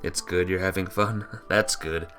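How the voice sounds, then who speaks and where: A man's voice: low-pitched, steady tone, measured pace, bright, forceful tone, faint music behind. A man giving laid-back, joking commentary while playing a video game. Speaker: gaming channel host. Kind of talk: casual commentary over a game.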